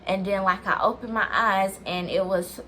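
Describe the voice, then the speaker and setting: A woman's voice: medium pitch, steady tone, normal speed, pushed and bright, a little hiss or hum. A young woman vlogger telling a personal story in a casual, rambling way, talking straight to viewers and filling sentences with "like". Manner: chatty, talks straight to viewers as "y'all"; rambling, restarts sentences, many "like"s.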